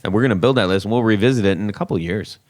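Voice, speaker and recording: A man with a fairly low voice hosts a loose podcast conversation among friends. He talks in bursts and laughs often, and his sentences tend to trail off and restart. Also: racing. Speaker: podcast host. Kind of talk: casual chat.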